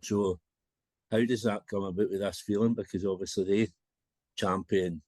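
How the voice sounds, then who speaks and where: A man with a low voice hosts a casual podcast interview. He asks relaxed, halting questions that trail along with fillers. The recording is dry. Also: dry recording. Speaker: podcast host.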